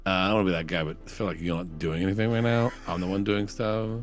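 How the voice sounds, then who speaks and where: A man's voice: sits low, fairly even intonation, quick pace, soft background music. A man playing a game with a friend, chatting casually, asking questions and teasing. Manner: wondering, teasing. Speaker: guest co-player. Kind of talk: casual gaming chat.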